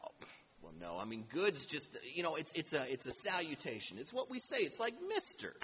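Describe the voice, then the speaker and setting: A man voicing a rich young man making excuses, low and hesitant, stumbling over his words. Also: huge pitch swings, brisk, a bit bright, in a large hall, slight background noise. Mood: flustered. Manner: hesitant, stammering.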